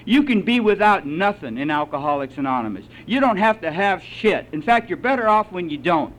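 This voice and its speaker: A man telling his recovery story to a meeting, salty and animated, with lively asides. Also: a little high, slight background noise, low-quality recording. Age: older. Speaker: AA meeting speaker.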